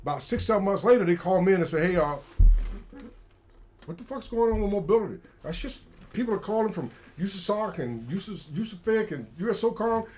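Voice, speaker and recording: A man's voice: high-pitched, lively intonation, brisk, a little mellow, slight background noise. A middle-aged man, a retired soldier, tells stories casually on a livestream and acts out the quoted dialogue. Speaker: retired special forces soldier, guest.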